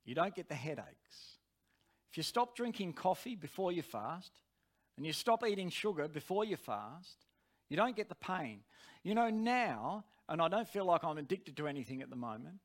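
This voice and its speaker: High-voiced preacher. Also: male voice. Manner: earnest, personal storytelling. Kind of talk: sermon.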